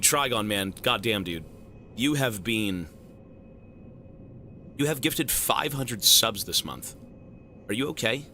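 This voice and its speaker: A man live-streaming a game who thanks his viewers with loud, swearing, joking banter. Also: mid-range voice, slight background noise. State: has a headache.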